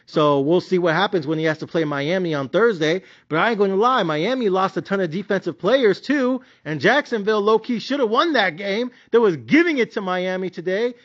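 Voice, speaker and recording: A man's voice: high-pitched, lively intonation, fairly quick, hardly any pauses, dull audio. A man giving a blunt, profane, slangy rant reviewing his sports bets. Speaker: sports betting commentator.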